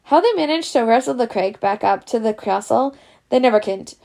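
A woman's voice: on the high side, animated, a little fast, creaky, a little mellow. Woman reading a storybook. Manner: casual, unpolished reading. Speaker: reader. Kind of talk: storybook read-aloud.

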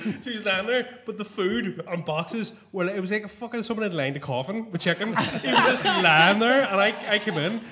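A man's voice: sits high, brisk, hardly any pauses. Laughing Northern Irish man telling tales. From Northern Ireland. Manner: laughing, sweary, animated storyteller. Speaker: touring musician guest. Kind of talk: casual storytelling chat.

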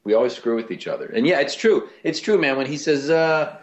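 A man, a voice actor and comedian, telling stories in a casual interview with lively restarts. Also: medium pitch, fairly quick, few pauses, roomy sound, highs cut off. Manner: animated storyteller, lots of restarts.

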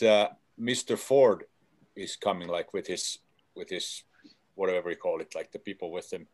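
Low-voiced man in relaxed chat. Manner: halting, many fillers and restarts. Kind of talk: casual chat.

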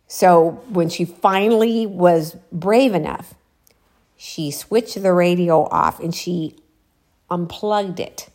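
A woman's voice: fairly low pitch, slow, darkish tone. A woman vlogging outdoors on a walk, chatting casually as she retells a spooky story. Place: outdoors, walking.

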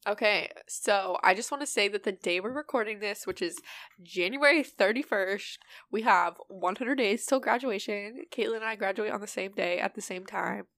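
A woman's voice: mid-range voice, normal speed, fairly bright tone, dry recording. Stuffy-nosed young woman, chatty and candid. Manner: chatty, candid, laughs often. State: stuffy nose. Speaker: podcast co-host. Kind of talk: casual chat.

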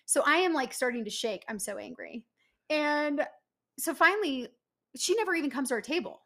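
Woman podcast co-host, slightly high voice, emphatic storyteller, casual. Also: normal speed. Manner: animated, emphatic, lots of "like" fillers.

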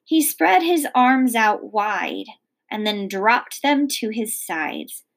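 A woman teacher reading a children's novel aloud in a measured, expressive storytelling manner. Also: fairly high pitch.

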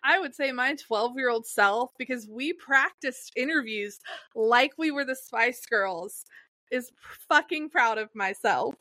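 A woman's voice: fairly high pitch, unhurried, bright, forceful tone, no room sound. A woman co-hosting a podcast in casual chat, sarcastic and chatty with lots of filler words. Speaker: podcast co-host. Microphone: podcast mic.

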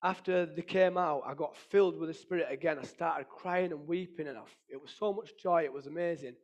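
A man's voice: a little high, a little fast, muffled recording. A man, sharing an emotional personal testimony in an earnest storytelling manner. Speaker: testimony speaker.

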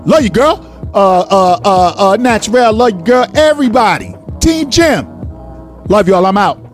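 High-pitched host guy, blunt and cussing, casual radio rant, faint music behind. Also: animated, a little slow. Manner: blunt, profane, ranting.

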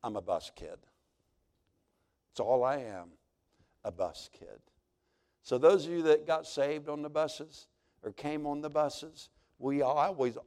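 A man's voice: medium pitch, darkish tone. A male pastor, preaching a sermon as dramatic storytelling.

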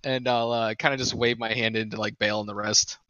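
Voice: medium pitch, level tone, fairly quick, bright, forceful tone, no echo, muffled recording. A tabletop game player describing their character's actions hesitantly, with many fillers.

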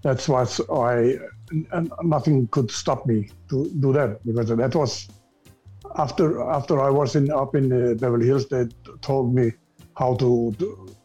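An older man from Iceland with an Icelandic accent, a retired newcomer actor speaking English as a second language in a casual interview, halting and repeating words as he searches for them. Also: mid-range voice, fairly even intonation, mellow, husky, highs cut off, faint music behind. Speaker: guest actor.

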